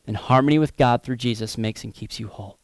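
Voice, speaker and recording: A pastor preaching a sermon in an earnest manner, swinging between emphatic, raised passages and soft, hushed ones. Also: male voice, medium pitch, fast, vocal fry, no room sound.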